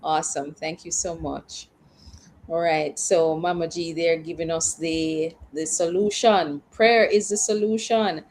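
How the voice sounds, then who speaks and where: Woman, radio host, low voice, faint background hiss, calm and affirming. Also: measured pace, poor audio. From Jamaica. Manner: affirming, calm, faith-based commentary. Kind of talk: radio talk show hosting.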